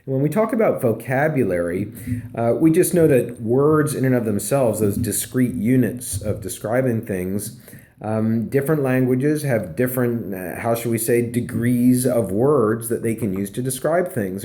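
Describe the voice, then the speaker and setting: Mellow-voiced man giving a lecture. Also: medium pitch. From Pennsylvania. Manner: conversational, with fillers and repeated emphasis. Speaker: professor. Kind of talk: recorded lecture.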